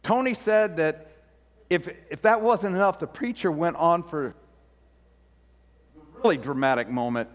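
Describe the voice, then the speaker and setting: A man's voice: a little high, measured pace, pauses often, big-room sound. A man preaching a sermon and telling a story, switching into the voices of the people he quotes with rising intensity. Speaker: pastor. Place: church sanctuary.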